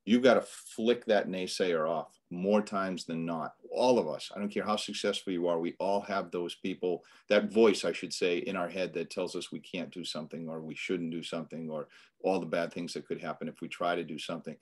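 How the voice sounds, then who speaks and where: Middle-aged man, Boston accent, deep voice, earnest motivational guest on a podcast. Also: steady tone, moderate pace. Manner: earnest and motivational, with frequent restarts. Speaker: financial coach guest. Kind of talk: casual podcast interview.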